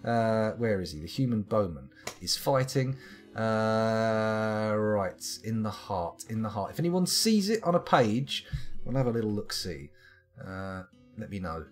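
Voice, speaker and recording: With faint guitar music in the background, a UK man reads combat logs aloud during a live game stream, adding wry, profane remarks. He speaks a little slowly in a fairly low voice with lively intonation.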